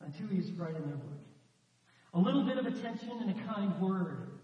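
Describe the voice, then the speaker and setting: This pastor's sermon unfolds through conversational storytelling, with quotes acted out. His high-pitched voice has lively intonation and a moderate pace, recorded from afar in an echoey hall with dull sound.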